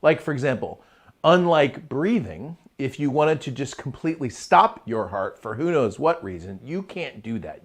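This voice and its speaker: A middle-aged man talks energetically on a live stream, his pitch swinging widely as he builds up to a point and then drops back down. He sounds chatty and relaxed, breaking off to greet viewers in the chat. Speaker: host of a live motivational show. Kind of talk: live-streamed motivational talk.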